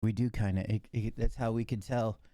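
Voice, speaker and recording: A man's voice: on the low side, fairly even intonation, brisk, warm tone, no room sound, studio quality. A man streaming a video game live, rambling casually and talking to himself.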